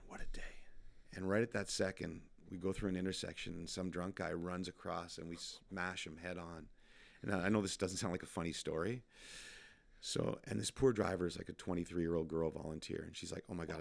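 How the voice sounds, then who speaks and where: A middle-aged man with a very low, gravelly voice, a podcast guest telling animated stories in casual chat. He laughs at his own tales. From Canada. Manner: animated anecdote teller, laughs at himself. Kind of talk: casual storytelling.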